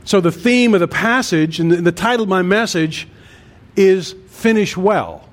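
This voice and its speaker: A man's voice: high voice, normal speed, a bit bright. A man in his sixties, a pastor preaching a sermon with an earnest cadence and emphatic repeated lists. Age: 60s.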